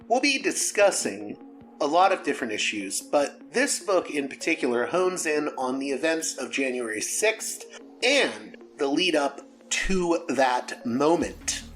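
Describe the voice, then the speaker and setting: A man's voice: fairly high pitch, sing-song, measured pace, a bit bright, soft background music. A man hosting a podcast interview, introducing his guest in a conversational way with frequent fillers. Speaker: podcast host.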